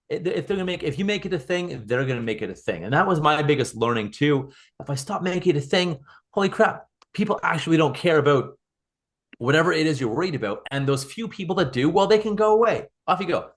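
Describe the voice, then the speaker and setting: A man's voice: a little high, a bit bright. A man as a podcast guest, talking earnestly in casual conversation, often restarting and repeating words.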